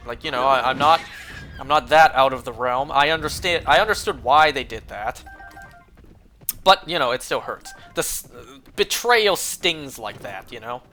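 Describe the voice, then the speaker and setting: A man's voice: on the high side, bright, forceful tone. A young man streaming a game, telling a rambling, profane story in casual chat, full of fillers. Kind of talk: casual chat while gaming.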